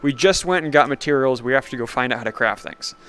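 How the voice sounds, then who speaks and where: A man's voice: mid-range voice, expressive, quick pace, fairly bright tone, clear, resonant tone. Rambling young male game streamer. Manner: rambling, laughs often, self-mocking. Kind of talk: casual gaming commentary.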